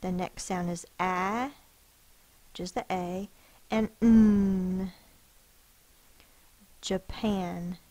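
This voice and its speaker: A woman teacher slowly and patiently sounding out spelling words, letter by letter, for a class. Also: fairly low pitch, steady tone, warm tone, low-quality recording. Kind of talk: phonics lesson for children.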